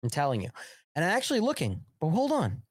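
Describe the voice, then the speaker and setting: A middle-aged American man hosts a live commentary show, his pitch swinging widely as he mocks and jokes. His sarcastic, profane rant is broken by frequent laughter. The voice sounds close and dry, with no room echo. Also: huge pitch swings, fast talker.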